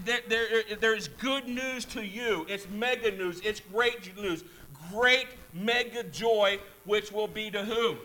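A man's voice: sits high, pushed and bright, rough recording. A man preaching a sermon, emphatic, repeating key words and putting questions to the congregation. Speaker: pastor.

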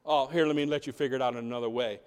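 A man's voice: medium pitch, fairly even intonation, very fast, clean tone. A man preaching a sermon in a church, full of rhetorical questions and building emphasis. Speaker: pastor. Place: church sanctuary.

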